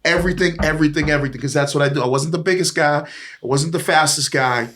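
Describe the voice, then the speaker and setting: Fast-talking and fairly high-pitched, a Boston-accented man in his forties from East Boston, USA, spins rambling, profane stories as a podcast guest. The former pro football player keeps it animated and casual, breaking into laughter often.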